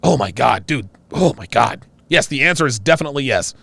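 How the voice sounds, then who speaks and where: Excitable man hosting a live stream. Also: medium pitch, normal speed, creaky, slightly rough, no room sound. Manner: excitable, loud exclamations, frequent laughing. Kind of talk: casual live-stream reaction chat.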